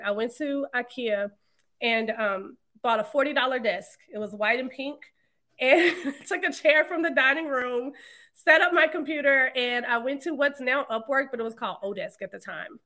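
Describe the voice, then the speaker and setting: A woman in her thirties, a podcast guest, telling her story in a casual, animated way and laughing often. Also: a little high. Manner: animated, laughs often, quotes others in lively voices. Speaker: podcast guest, marketing entrepreneur.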